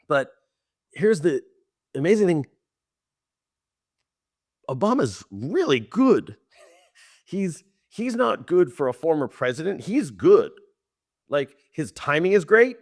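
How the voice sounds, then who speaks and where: A middle-aged man, a TV director, telling behind-the-scenes stories in a casual interview, animated and quick to laugh, with many restarts. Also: on the high side, no echo, studio quality. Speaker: TV director and writer, guest.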